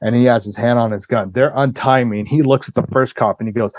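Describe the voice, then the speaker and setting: A man's voice: medium pitch, quick pace, few pauses, dry recording, muffled recording. A man on a podcast telling a long story in a casual way. He acts out what people said and swears freely. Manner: lively storyteller acting out quoted dialogue, swears freely. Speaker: podcast guest.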